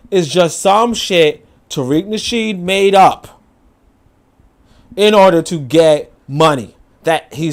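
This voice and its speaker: This livestream host's voice sits high as he reacts to a video and chat. He's casual and animated, swearing freely, laughing on the side, and using lots of fillers.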